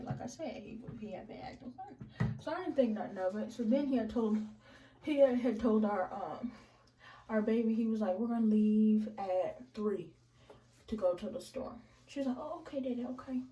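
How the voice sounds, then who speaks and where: Animated woman telling a storytime. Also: a little high. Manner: animated, acts out each person's lines in changed voices; addresses listeners as "y'all". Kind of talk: casual storytime monologue. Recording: distant mic with faint noise.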